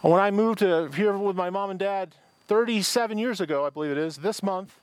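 A middle-aged man from Michigan delivers a sermon in a high-pitched voice. He talks to the congregation like he's telling a story, with casual asides and restarts. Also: a little fast, smooth, dry recording. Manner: conversational, anecdotal preaching with restarts. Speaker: pastor.

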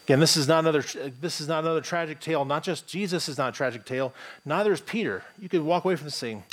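A man's voice: fairly high pitch, racing. A man with a plain American accent, a pastor preaching a morning sermon in a conversational, thinking-aloud way with frequent restarts. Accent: General American.

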